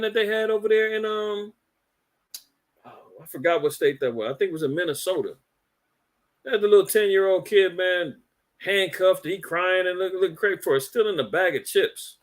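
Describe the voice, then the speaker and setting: A man hosting a religious commentary podcast, talking in an indignant, preachy way and rambling with repeated words. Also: sits high. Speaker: podcast host.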